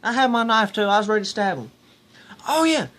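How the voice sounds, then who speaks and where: A man's voice: sits high, sing-song, fairly quick, fairly bright tone. A young man, casually telling rambling stories to his viewers. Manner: rambling, restarts, talks to viewers as "y'all". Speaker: vlogger. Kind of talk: casual storytelling to camera.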